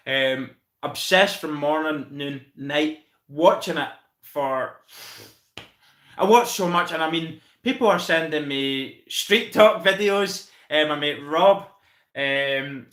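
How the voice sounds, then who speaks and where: A Scottish man chats casually on his live stream, thanking viewers by name and calling them mate. His voice is fairly high for a man, with a bright, forceful edge. It rings in an echoey room. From Scotland. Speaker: channel host reviewing football.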